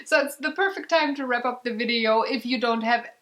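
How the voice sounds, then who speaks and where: A woman's voice: on the high side, a little fast, fairly bright tone, slight background noise, poor audio. Brief: young woman host, German first language, cheerful and giggly, casual couch chat. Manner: giggly, cheerful sign-offs. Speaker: vlog host. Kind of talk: casual board game chat.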